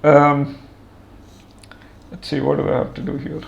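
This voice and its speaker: A man with a fairly high voice walks through a coding tutorial at his own pace. He explains in a plain, conversational way, often pausing on "uh" and "um" while he types and checks the results. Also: monotone, gravelly, a little hiss or hum. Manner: thinks aloud with many "uh" fillers and pauses while typing. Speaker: programming instructor. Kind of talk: screen-recorded coding tutorial.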